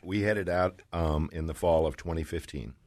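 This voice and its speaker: An older man, a retired podcast guest, answering questions in a relaxed, halting way with frequent ums. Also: low-pitched, dry recording, clean studio sound. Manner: relaxed and halting, with many fillers. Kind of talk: casual interview.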